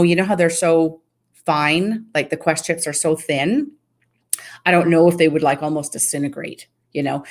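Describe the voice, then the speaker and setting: A middle-aged woman from Canada hosting a casual live stream, chatting with viewers and answering their comments as they come in. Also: on the low side. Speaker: host of a live fasting stream.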